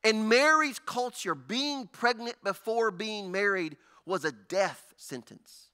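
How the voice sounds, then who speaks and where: Man, pastor, very high voice, bright tone, animated sermon. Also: slow pace, smooth. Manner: animated storytelling, acting out characters.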